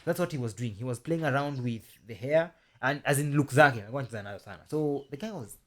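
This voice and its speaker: A Kenyan man hosts his own storytelling channel, recounting events to viewers in a lively, casual manner. His voice sits at an ordinary, mid-range pitch, and he keeps turning to talk directly to the listener. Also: fast, few pauses. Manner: animated, chatty, addresses the audience directly.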